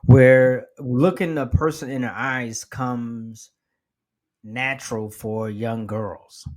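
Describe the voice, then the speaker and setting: A man hosting a podcast, who talks slowly and haltingly, repeating words as he works through his thoughts. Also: mid-range voice, steady tone, a little mellow. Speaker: podcast host. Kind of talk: casual podcast conversation.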